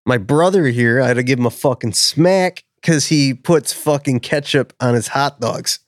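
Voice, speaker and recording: A man's voice: mid-range voice, normal speed, no echo, clean studio sound. A man chatting casually on a podcast, brash, profane and enthusiastic. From northern suburbs of Chicago. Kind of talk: casual chat.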